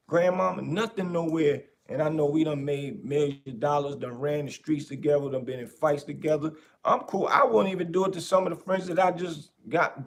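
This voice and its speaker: A podcast host talking in a casual, animated way, repeating his points for emphasis. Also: on the high side, creaky, slight background noise. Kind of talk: casual commentary.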